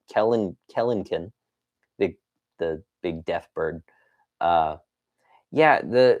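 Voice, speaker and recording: A man's voice: fairly low pitch, darkish tone. A young man chatting casually on a live stream, rambling with lots of fillers and laughing as he reads viewer comments. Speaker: toy collector streamer.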